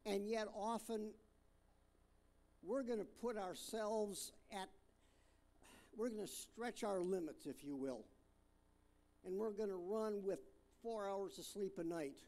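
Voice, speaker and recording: A man preaching a sermon, reading scripture aloud and talking it through in a halting way with fillers and restarts. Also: high-pitched, warm tone. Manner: reads scripture aloud, stressing different words.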